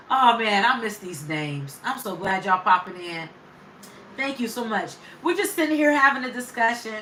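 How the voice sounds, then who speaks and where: A woman's voice: on the high side, sharp tone, slight background noise. A woman hosting a casual live stream, chatting with viewers, greeting them by name and laughing often. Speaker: livestream host. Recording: echoey room, voice from off the mic.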